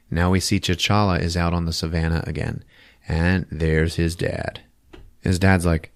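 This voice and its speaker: A man hosting a podcast, recapping a film plot in a casual, profane, animated storytelling way on a close mic. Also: sits low, normal speed, no echo. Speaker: podcast host.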